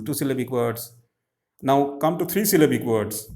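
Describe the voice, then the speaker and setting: A man, explaining textbook grammar answers slowly, with many pauses and fillers. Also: mid-range voice, a little mellow. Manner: slow, halting, many "uh" fillers. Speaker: English teacher.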